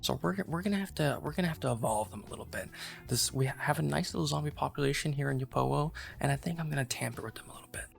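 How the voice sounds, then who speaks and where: A man's voice: a little high, rapid-fire, vocal fry, soft background music. A man giving casual, rambling play-by-play commentary on a strategy game he is playing, amused and full of fillers. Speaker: gaming channel host.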